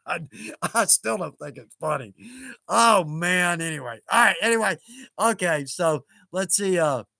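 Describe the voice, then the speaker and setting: A man in his fifties hosts a casual livestream, his voice sitting high for a man. He rambles through stories in a chatty, self-mocking way, chuckling often. The sound is close and dry. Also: expressive, measured pace, creaky, pushed and bright, no room sound. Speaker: livestream host.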